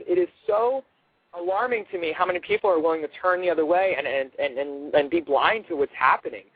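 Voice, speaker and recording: A man's voice: a little high, breathy edge, dry recording. A man guesting on a radio show, speaking urgently with many stops and restarts. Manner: urgent, repeats and restarts words. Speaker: guest, activist. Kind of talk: radio phone interview. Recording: narrow phone-line sound.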